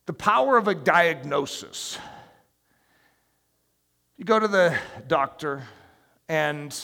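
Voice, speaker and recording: A man delivers a sermon with a high, gravelly, bright voice that swings widely in pitch. He preaches in an emphatic, conversational way and asks his listeners questions. The long reverb of a large hall trails after his words. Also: animated, slow.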